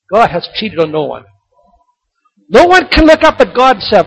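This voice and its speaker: A middle-aged man preaching a sermon, animated and rising to emphatic points. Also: very high voice, moderate pace. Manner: animated, rising to emphatic shouts on key lines. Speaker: pastor. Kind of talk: sermon with told jokes. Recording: dull lo-fi sermon recording.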